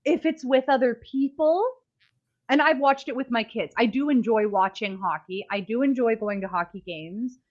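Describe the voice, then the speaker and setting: A woman's voice: a little high, normal speed, muffled recording. A Canadian woman co-hosting a podcast, chatting casually in a rambling, self-deprecating way. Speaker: podcast co-host. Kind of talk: casual chat.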